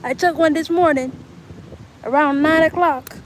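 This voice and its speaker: Chatty young woman, high voice. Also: moderate pace, slight background noise, rough recording. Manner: rambling, chatty, talks to viewers. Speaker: livestreamer. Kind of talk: casual livestream chat. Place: outdoors in bright sun.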